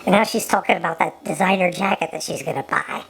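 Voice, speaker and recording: Gravelly-voiced woman mocking an old film. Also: lowish voice, fast, a little hiss or hum, rough recording. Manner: mocking, repeats words often. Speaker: commentator. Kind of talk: sarcastic film commentary.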